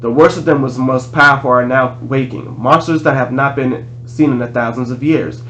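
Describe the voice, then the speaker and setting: Man doing a sinister monster man, slow and cold, faint hum behind, storybook reading. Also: mid-range voice, steady tone, a bit bright, highs cut off, close to an everyday voice. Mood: menacing. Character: menacing monster posing as a male teacher.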